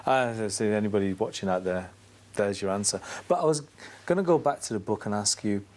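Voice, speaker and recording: A woman's voice: rumbling low, fairly quick, darkish tone. A woman hosting a podcast interview, asking questions and giving frequent short encouraging affirmations. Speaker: podcast host.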